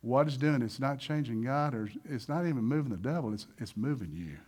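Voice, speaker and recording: A male pastor preaching a sermon in an animated way, acting out little voices and swinging between loud and soft. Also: medium pitch, fairly quick, breathy edge.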